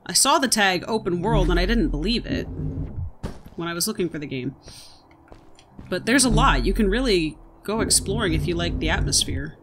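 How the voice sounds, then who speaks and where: Bright, chatty let's-play gamer. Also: medium pitch, expressive, normal speed, a little hiss or hum. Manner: chatty, reactive, exclaims at gameplay. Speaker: gaming video host.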